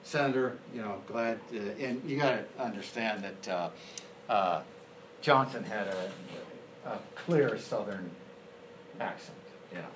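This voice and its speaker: A man's voice: lowish voice, a little slow, roomy sound, noisy background. A male history teacher giving a casual classroom lecture, telling a story with many fillers and restarts.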